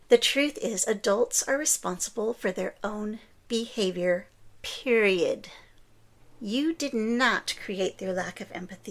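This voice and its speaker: A woman hosting a podcast, talking earnestly and encouragingly, often dropping into a breathy whisper. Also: mid-range voice, a bit bright. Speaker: podcast host. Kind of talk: scripted podcast monologue.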